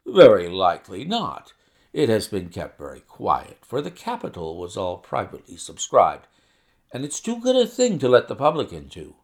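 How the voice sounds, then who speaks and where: Guy putting on a loud hearty money man, sharp and flattering, big swoopy delivery, bit gravelly. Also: lowish voice, normal speed. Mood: boastful. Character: brisk, sharp-spoken black-bearded male financial agent, effusive.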